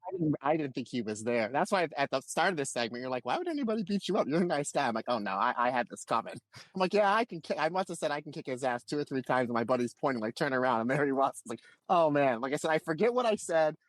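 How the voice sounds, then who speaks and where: A man's voice: mid-range voice, fast talker, dry recording. A man from Pennsylvania co-hosting a podcast, telling a long story in casual chat and acting out the quotes. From Pennsylvania, USA. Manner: animated anecdote-telling with acted-out quotes. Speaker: podcast co-host.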